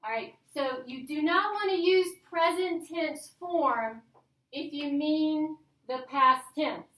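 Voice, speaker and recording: Bright-voiced woman teaching in an echoey room. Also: high-pitched, takes it slowly, recorded from a distance. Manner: upbeat, coaxing, checks in with "all right?". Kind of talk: classroom grammar lesson.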